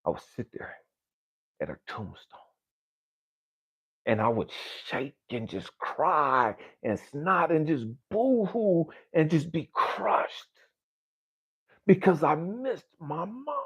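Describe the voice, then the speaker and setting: A man, a spiritual coach, giving an emotional, confessional motivational monologue that drops to low murmurs and rises to near-shouts, swearing often. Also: expressive, slow, husky.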